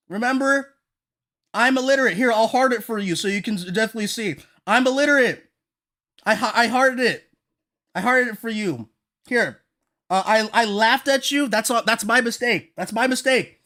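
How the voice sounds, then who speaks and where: A woman livestreaming a reaction to a manga chapter, talking straight to her chat in an excitable, hyped-up way that can tip into frantic shouting. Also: on the high side, a little slow.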